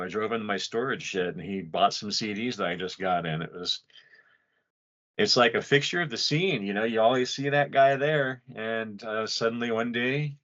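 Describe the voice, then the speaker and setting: A man's voice: on the low side, fairly bright tone, muffled recording. A man co-hosting a podcast, grieving a friend, telling rambling, profane stories in casual chat. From Utah. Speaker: podcast co-host.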